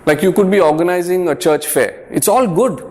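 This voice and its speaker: Man, youth group speaker, slightly raised pitch, earnest, chatty, keeps asking "yeah?". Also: brisk, a little mellow. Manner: repeats words and checks in with "yeah?" and "right?"; conversational, earnest, lightly humorous. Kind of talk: informal faith talk to a youth group.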